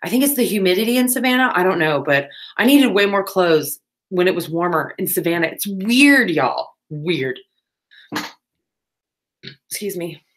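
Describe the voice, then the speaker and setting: A woman's voice: fairly low pitch, animated, fairly quick. A woman, chatting casually on a crafting livestream, with playful asides.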